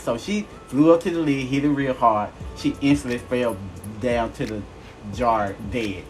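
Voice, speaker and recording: A man hosting a live show, telling jokes and chatting in a playful, animated way. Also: medium pitch, moderate pace, soft background music, poor audio. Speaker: host. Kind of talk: casual live chat.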